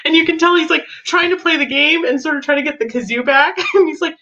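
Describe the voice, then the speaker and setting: A woman's voice: high-pitched, quick pace, sharp tone. A woman co-hosting a casual chat, laughing often as she tells stories. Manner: giggly, laughs through her stories. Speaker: podcast co-host, game demo runner. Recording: slightly dull lo-fi sound.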